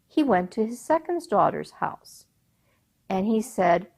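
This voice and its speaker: A woman telling a folk tale at a public event, narrating in an expressive, deliberate manner. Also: mid-range voice, gravelly. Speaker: storyteller. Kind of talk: oral storytelling at a public event.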